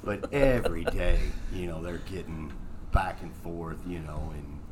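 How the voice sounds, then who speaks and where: A man's voice: low-pitched, a little slow. A middle-aged man telling a profane story in casual chat, laughing through his own punchlines. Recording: noisy room, mic at a distance.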